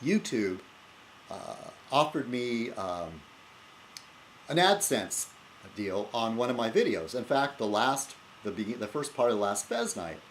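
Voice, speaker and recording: A man chatting loosely on his own video blog, rambling and poking fun at himself. His mid-pitched voice rises and falls a lot, with faint room ambience behind it. The sound comes from a laptop webcam mic. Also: big pitch swings, measured pace, slight background noise. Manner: rambling, self-deprecating, chuckles often. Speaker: video blogger host. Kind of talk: casual vlog chat.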